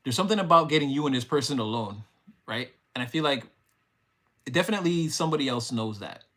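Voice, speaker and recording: A man's voice: medium pitch, animated, quick pace, sharp tone. A young man giving a live-streamed tarot reading, rambling and emotional, swearing casually as he talks to his chat. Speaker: tarot reader.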